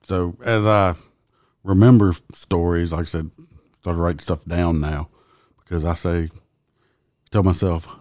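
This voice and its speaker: A man's voice: deep voice, fairly even intonation, measured pace, long pauses, darkish tone, dry recording, studio quality. A man, a host telling a casual, profane story and laughing as he goes. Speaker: podcast host and police officer.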